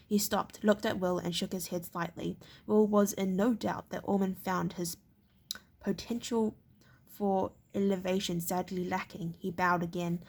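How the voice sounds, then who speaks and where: A woman reads a novel aloud in a gravelly, husky voice. She goes haltingly, often tripping over a word and starting it again. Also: fairly low pitch, steady tone, a little mellow. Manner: halting, often stumbling and restarting words. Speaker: reader.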